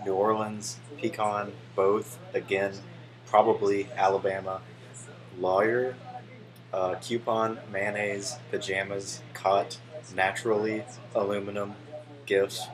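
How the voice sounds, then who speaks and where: Young man, very low voice, soft-spoken and casual. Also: poor audio. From Spartanburg, South Carolina. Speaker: vlogger. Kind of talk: casual chat reading a word list.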